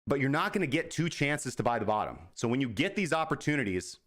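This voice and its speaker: A man's voice: medium pitch, big pitch swings, fast talker, fairly bright tone. A man hosting a crypto trading show, talking casually in a rambling, profane, self-mocking way. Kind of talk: casual market commentary.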